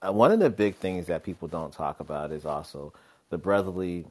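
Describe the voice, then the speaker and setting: A man co-hosting a podcast in casual chat, animated and laughing often, slipping into playful voices. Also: deep voice, fairly quick. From Philadelphia. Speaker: podcast co-host.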